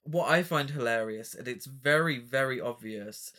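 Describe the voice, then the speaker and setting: A man's voice: medium pitch, normal speed, sharp tone. A man co-hosting a casual film chat, dryly correcting details and laughing along. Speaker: podcast co-host.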